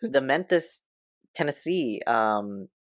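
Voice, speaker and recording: Very low-voiced giggly woman game master. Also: expressive, slow, noisy background. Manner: giggly, laughs while describing. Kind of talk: narrating a tabletop game.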